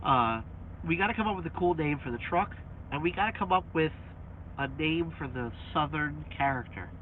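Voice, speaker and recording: A man's voice: a little high, expressive, moderate pace. A man vlogging about his truck in a casual, profane rant, swearing freely and mocking his critics. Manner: swears freely, mocks critics with sing-song voices. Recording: tinny phone-like audio with faint hiss.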